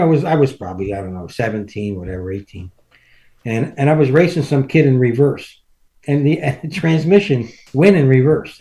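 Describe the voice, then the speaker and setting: A man's voice: medium pitch, dark tone. A man in his seventies, a podcast guest, telling rambling family stories in casual chat and chuckling through them. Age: 70s.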